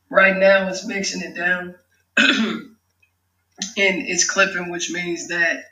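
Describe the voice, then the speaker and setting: A man's voice: fairly high pitch, sharp tone, far from the mic. A man casually talking through how he makes his own rap song, loose, slangy and profane. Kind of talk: casual vlog talk-through. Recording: echoey room, off mic, music behind. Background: his beat playing.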